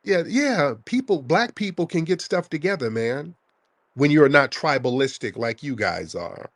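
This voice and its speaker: Male podcast host, heated and mocking on a call-in, animated voice. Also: a little high, unhurried, dry recording. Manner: combative, mocking, repeats questions. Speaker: podcast host taking calls.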